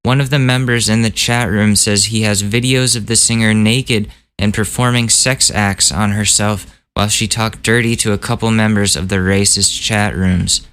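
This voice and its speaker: A podcast host with a fairly low voice talks through the news in a loose, casual monologue. He rants and cracks jokes, swearing freely as he goes. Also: fairly even intonation, moderate pace, few pauses, fairly bright tone, smooth. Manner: ranting, profane, jokey.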